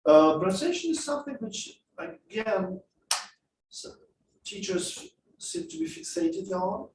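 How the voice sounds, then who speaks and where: Recorded from a distance amid heavy background noise, this reverberant lecture comes from a man whose voice sits high and moves a little slowly. He's leading a masterclass on speaking skills in a classroom or lecture hall, explaining with energy and performing examples for his students.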